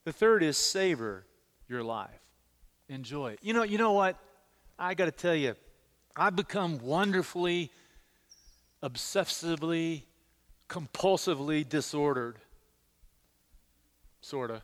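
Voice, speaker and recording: A middle-aged male pastor preaching a sermon, telling personal stories in an animated way and repeating words as he stresses them. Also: fairly high pitch, measured pace, long pauses, long reverb tail. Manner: animated storytelling, repeats words when emphasizing.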